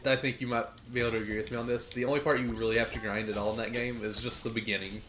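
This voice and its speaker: A man playing a game with the host, chatting casually and reacting with animated banter. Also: mid-range voice, rapid-fire, a little hiss or hum. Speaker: co-player. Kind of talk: casual gaming chat.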